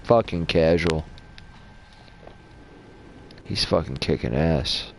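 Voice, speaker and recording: Deep-voiced, swearing gaming commentator. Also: male voice, slow, creaky, slight background noise. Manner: casual, rambling, heavy swearing. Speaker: gaming channel host. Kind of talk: lore commentary over gameplay.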